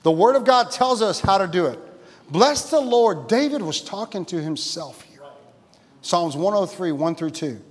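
A pastor preaching a sermon in a church, exuberant, laughing and shouting and calling out to the congregation. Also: male voice, high-pitched, expressive, normal speed. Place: church sanctuary. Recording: church hall reverb.

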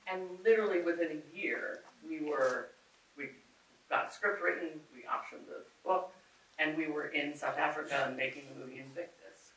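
A woman film producer telling a personal story on a conference panel, candid and animated, quoting others as she goes. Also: sits low, normal speed. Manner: candid, animated, quotes others in her retelling. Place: conference auditorium. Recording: echoey hall, far from the mic, faint noise.

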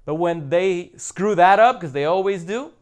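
A man's voice: sits high, animated, normal speed, darkish tone, clear, resonant tone. A man hosting his own channel, talking straight to viewers in a casual monologue, blunt and emphatic, repeating his points for stress. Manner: speaks directly to the audience. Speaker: channel host.

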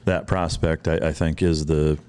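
Very deep, dark-toned podcast host man. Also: flat delivery, smooth. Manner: halting, profane, many fillers and restarts. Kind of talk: casual podcast conversation.

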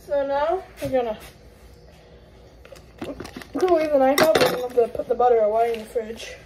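A woman's voice: high voice, a little fast, background noise. A woman with the hiccups giving a rambling, chatty cooking tutorial in a home kitchen. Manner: rambling, chatty, self-correcting. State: has the hiccups. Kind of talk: casual cooking tutorial chat.

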